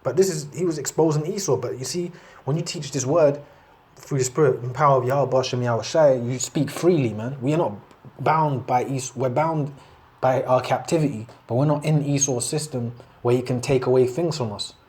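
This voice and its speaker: A man delivers an informal sermon in a mellow, warm voice, mid-pitched and unhurried. He keeps it conversational, drops in scripture readings, and tacks "man" onto the end of his points. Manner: loose and conversational, tags lines with "man". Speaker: preacher. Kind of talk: casual street-style preaching with scripture reading.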